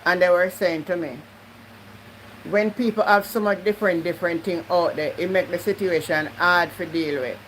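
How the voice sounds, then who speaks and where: A woman's voice: on the low side, fairly even intonation, moderate pace, a little hiss or hum, low-quality recording. A woman with a Jamaican accent hosting a live stream, slipping into patois and talking straight to her viewers. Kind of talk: casual live-stream chat.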